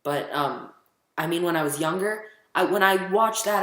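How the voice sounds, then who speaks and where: A man's voice: sits high, normal speed, a bit bright. A teenage boy vlogging casually, rambling and chatty, full of ums as he counts down his favorite movies. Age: teens. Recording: echoey room.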